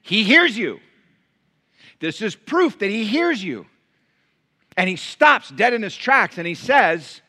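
Bright-voiced man preaching with swings in intensity. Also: sits high, big pitch swings. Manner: dynamic preaching, swinging from loud emphatic lines to hushed intimate ones; acts out crowd voices in quick asides. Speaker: pastor. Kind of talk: sermon.

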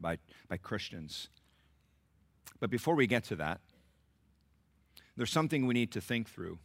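Preaching a sermon, a middle-aged male pastor sinks into low, confiding tones, then climbs to loud exclamations while acting out the people in the text.

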